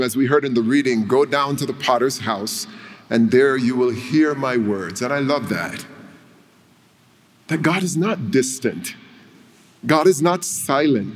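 A male preacher delivering a sermon, telling a story with dramatic pauses. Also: medium pitch, lively intonation. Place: church. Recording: long reverb of a church hall.

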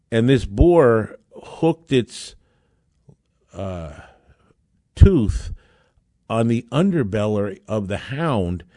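A man telling a casual anecdote in an excitable way, with frequent fillers and restarts. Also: medium pitch, no echo, clean studio sound.

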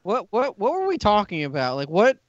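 A man's voice: sits high, wildly swooping pitch, brisk, dry recording, highs cut off. A man co-hosting a podcast, chatting casually and joking with friends. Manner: laid-back, joking, wraps up the show. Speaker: podcast co-host. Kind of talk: casual group chat.

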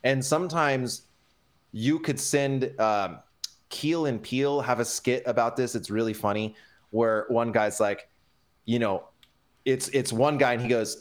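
Animated man chatting as a podcast guest. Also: medium pitch, a little slow. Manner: animated, inflected delivery with many fillers. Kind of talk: casual podcast chat.

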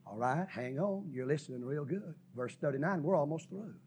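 A man preaching a sermon, folksy and dramatic, swinging from shouts to whispers and stretching out key words. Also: fairly high pitch, animated, a little hiss or hum. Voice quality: husky. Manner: preaching with sudden shouts and drops to a whisper, folksy, drawn-out stresses. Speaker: pastor.

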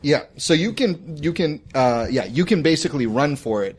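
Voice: medium pitch, expressive, normal speed, husky. A game master casually reading out and explaining the rules of a tabletop horror game. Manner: reads rules aloud, casual. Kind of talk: tabletop role-play chat.

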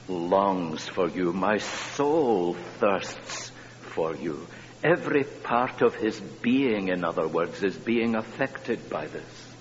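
Slow-preaching man in a church. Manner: impassioned, rising to high emphatic peaks. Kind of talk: sermon. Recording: dull reverberant church recording with faint hum.

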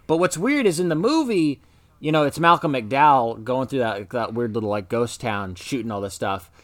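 A man's voice: mid-range voice, lively intonation, normal speed, fairly bright tone, no room sound. A man co-hosting a podcast, chatting casually in a rambling way with lots of filler words. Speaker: podcast co-host. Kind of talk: casual chat.

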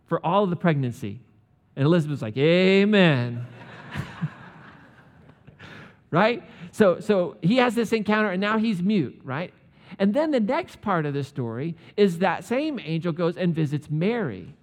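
A man's voice: fairly high pitch, darkish tone. Joking man preaching in a hall. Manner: casual and joking, acts out quotes. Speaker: pastor. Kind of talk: conversational sermon. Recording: long hall reverb.

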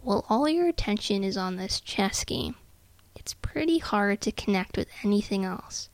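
Woman, podcast host, calm measured delivery, gravelly fry, dry close sound. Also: medium pitch, no room sound. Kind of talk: calm self-help podcast talk.

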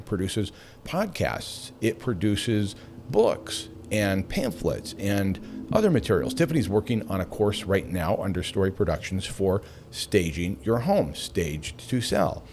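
A man hosting a radio talk show, chatty and animated, laughing between points. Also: on the low side, a little hiss or hum.

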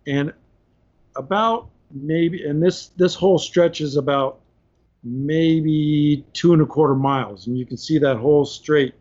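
A man, a podcast guest, tells a long story in a relaxed, chatty way and chuckles now and then. His voice sits slightly high for a man. The recording is a bit muffled and lo-fi. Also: unhurried. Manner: animated, laughs between points. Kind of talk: casual anecdotal storytelling.

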